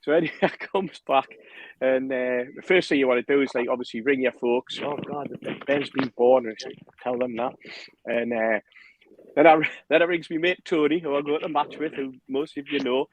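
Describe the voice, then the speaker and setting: A man telling a lively anecdote on a podcast, acting out the other people's lines. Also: mid-range voice, normal speed, muffled recording, a little hiss or hum. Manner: animated storyteller, acts out quotes, laughs often. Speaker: podcast guest telling a story. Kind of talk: casual anecdote.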